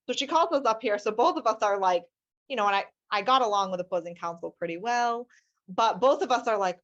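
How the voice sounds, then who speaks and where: A woman family law attorney telling lively anecdotes as an interview guest, often acting out what people said. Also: medium pitch, brisk, dull audio. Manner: animated, acts out quotes with shifting voices.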